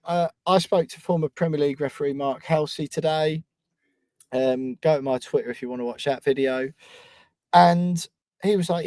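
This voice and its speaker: A man's voice: fairly high pitch, moderate pace, darkish tone, dry recording. A man hosting a football podcast in a chatty, self-mocking way. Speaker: podcast host. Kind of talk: casual podcast chat.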